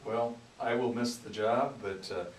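An older man, a mayor speaking as a radio guest in a relaxed, enthusiastic way that repeats words. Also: mid-range voice, unhurried. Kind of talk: casual radio interview. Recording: roomy, distant mic with clear hiss.

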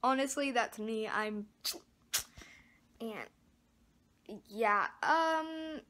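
A teenage girl with a high voice rambles into her phone camera, annoyed and apologetic by turns. She sounds a little stuffed up. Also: drawn-out words, sharp tone. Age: teens. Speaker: vlogger. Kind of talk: casual vlog talk to camera.

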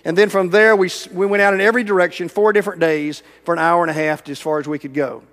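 A middle-aged man preaching a sermon as an evangelist. He tells a story dramatically, dropping from loud to hushed, almost whispered lines. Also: high voice, fairly even intonation, quick pace. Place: large church sanctuary. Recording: long church reverb.

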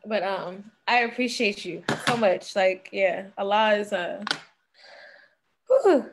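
Young woman, podcast guest, earnest testimony, holding back tears, halting phrases. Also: mid-range voice, expressive, vocal fry, a little hiss or hum. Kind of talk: emotional personal testimony.

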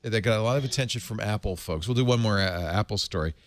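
A man in his fifties hosting a casual panel chat, chatty and quick to laugh and react. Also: on the low side, dry recording. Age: 50s. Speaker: host.

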